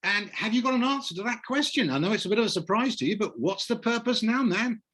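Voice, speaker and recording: A man's voice: high voice, lively intonation, fast talker, a bit bright. A British man hosting an online poetry reading, jovial and teasing. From Britain. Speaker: host.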